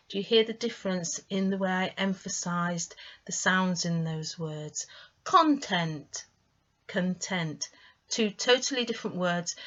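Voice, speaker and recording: Woman tutor for a pronunciation lesson: slow, deliberate delivery, slightly dull lo-fi audio. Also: medium pitch, fairly bright tone. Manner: slow, clear, encouraging teacher delivery with careful emphasis on sounds. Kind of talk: online teaching lesson.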